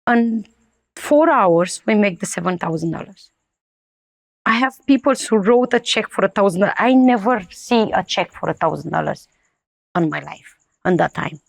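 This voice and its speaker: A woman's voice: mid-range voice, lively intonation, moderate pace, vocal fry. A woman from Romania, speaking earnestly in broken English as an interview guest sharing her personal testimony.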